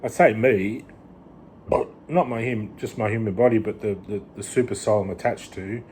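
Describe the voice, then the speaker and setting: An Australian vlogger, a man, rambles casually at a moderate pace, restarting sentences and slipping in "you know." His low, mellow voice rides over faint background noise.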